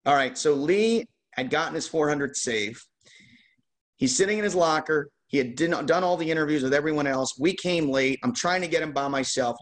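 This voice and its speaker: Animated man telling a story. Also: medium pitch. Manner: animated, laughing anecdote teller. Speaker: host opening baseball card packs. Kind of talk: casual storytelling.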